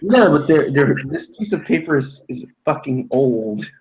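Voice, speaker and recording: A man's voice: on the high side, animated, measured pace, darkish tone, low-quality recording. Joking, swearing man on a live stream. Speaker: co-host showing items. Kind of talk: casual live-stream chat.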